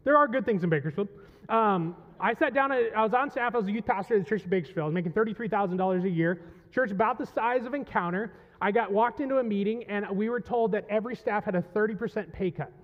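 A man with a high voice delivers an impassioned sermon, swinging from hushed reflection up to loud, pleading cries. His voice carries a long reverb from a church hall, and the sound is a bit muffled. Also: fast talker. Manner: impassioned, rising to loud pleading when voicing the psalm. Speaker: pastor. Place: church sanctuary.

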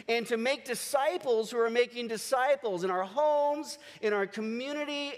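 A man preaching a sermon as pastor, energetic and rousing his congregation. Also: very high-pitched. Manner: energetic, leads the congregation in call-and-response cheers. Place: large church hall. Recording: long church hall reverb.

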